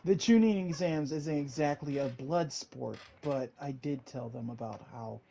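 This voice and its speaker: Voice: medium pitch, a little slow, gravelly, warm tone, muffled recording. A game master narrating a tabletop game, switching between narration and character lines.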